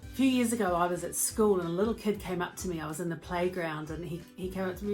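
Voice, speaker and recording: NZ-woman, mental health speaker; lowish voice, expressive conversational storytelling over faint music. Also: quick pace. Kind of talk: motivational talk.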